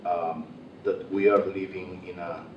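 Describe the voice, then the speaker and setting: A man from Latin America speaking English with a Latin American Spanish accent, halting and searching for words. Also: deep voice, little pitch movement. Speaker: workshop participant. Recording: distant, echoey, dull, noisy room mic.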